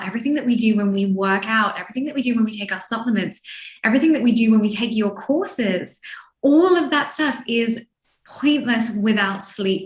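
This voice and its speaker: A woman from London with an English accent, a sleep expert guest who talks in an animated way and acts out people's reactions. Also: a little high, echoey room. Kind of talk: lively interview chat.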